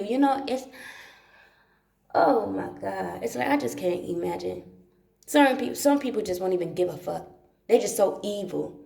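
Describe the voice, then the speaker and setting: A woman sits in a dark room at home and talks in a loose, rambling monologue, swearing freely and circling back over her words for emphasis. Her voice sits in an ordinary middle range. The room gives her voice a clear echo. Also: medium pitch, lively intonation, normal speed, long pauses. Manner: profane, repetitive, emphatic. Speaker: livestream host.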